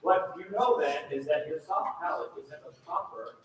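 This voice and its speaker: A man directing a choir rehearsal, giving energetic coaching instructions and demonstrations to the singers. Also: high-pitched, moderate pace, creaky, a little hiss or hum. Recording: echoey room, mic far off, faint ambience.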